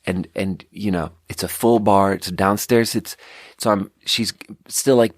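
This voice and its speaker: A man's voice: fairly low pitch, unhurried, dry recording, studio quality. A man hosting a podcast, telling a story in a rambling, casual way full of fillers and restarts. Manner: rambling, filler-heavy, animated retelling. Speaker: podcast host.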